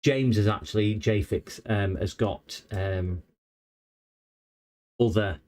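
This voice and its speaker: A man's voice: on the low side, takes it slowly, darkish tone. A man chatting casually on a repair livestream, rambling and hesitant with many fillers. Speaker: electronics repair streamer.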